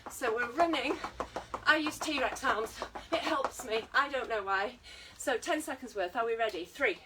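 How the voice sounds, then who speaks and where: British woman fitness instructor, high voice, breathless, coaching live; mic set back, faint hiss. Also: far from the mic. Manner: encouraging, counting down and coaching while exercising. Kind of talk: online exercise class.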